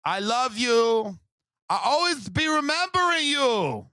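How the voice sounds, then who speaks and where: A man's voice: very high-pitched, very animated, takes it slowly, pushed and bright, no echo, clean studio sound, voice pushed up, exaggerated voice. A man putting on a young woman who fakes a Spanish accent, sing-song and overly sentimental. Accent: put-on Spanish accent.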